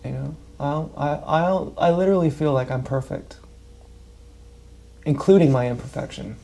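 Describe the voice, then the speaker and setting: A man talking straight to his livestream in a loose, wandering monologue, swearing freely and leaning hard on his points. His voice is gravelly with a dark, mellow tone. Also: on the high side, moderate pace. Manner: profane, meandering, emphatic. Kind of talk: rambling casual monologue.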